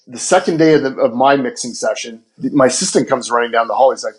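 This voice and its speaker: In a relaxed podcast interview, a man who produces music tells energetic studio stories, voicing the people he quotes and swearing without restraint. He talks quickly in a mid-range voice with hardly a pause, over a rough recording.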